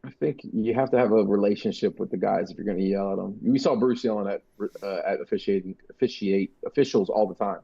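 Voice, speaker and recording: Laid-back husky man, lo-fi. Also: on the low side, quick pace, few pauses, warm tone. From United States. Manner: profane, joking, rambling. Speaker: podcast co-host. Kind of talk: casual sports chat.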